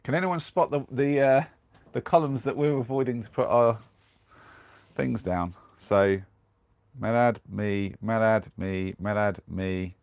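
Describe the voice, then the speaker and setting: A man's voice: lowish voice, unhurried, darkish tone, no room sound. A young man with a cold, chatting casually on a live stream from inside his camper van, rambling along and reading out viewer comments. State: has a cold.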